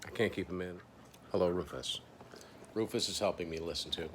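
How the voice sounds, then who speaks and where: A man's voice: deep voice, big pitch swings, brisk, a little hiss or hum. A man hosting his own show, casually thinking aloud through a first listen of an album, hesitant and with dry asides, at home indoors. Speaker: host.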